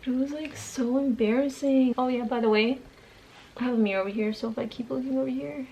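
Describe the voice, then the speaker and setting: A woman's voice: high-pitched, fairly even intonation, a little fast, dark tone, rough recording. A young woman chatting casually while she does her makeup at home, rambling with lots of slang and fillers. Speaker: beauty vlogger. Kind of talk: chatty get-ready-with-me vlog. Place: home, doing makeup at a mirror.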